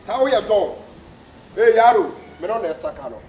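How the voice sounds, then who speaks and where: A loud, teasing man in a comedy skit, calling out names and jabbing at the others. His voice sits high and leaps around a lot. The room has a noticeable echo and a faint hum behind it. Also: expressive, normal speed. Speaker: comedy actor. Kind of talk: Ghanaian comedy skit acting. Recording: echoey room with faint background noise.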